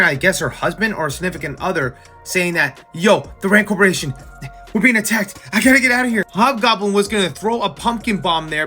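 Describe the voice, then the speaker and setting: A young man casually recapping a comic, excited and slangy, acting out the scenes. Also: high voice. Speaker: comic book reviewer.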